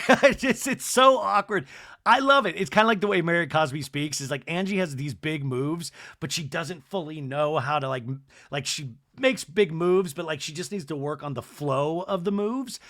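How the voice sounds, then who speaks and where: A man's voice: a little high, normal speed. A man hosting a podcast, recapping a reality show in a gossipy, comedic way. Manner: animated, gossipy, lots of "like". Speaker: podcast host.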